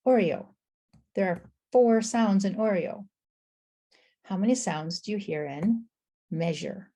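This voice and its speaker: A woman teaching early reading, encouraging, slowly sounding out words sound by sound. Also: medium pitch, dark tone. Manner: encouraging, affirms with "I agree" and "excellent". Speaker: reading tutor. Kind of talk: instructional explanation.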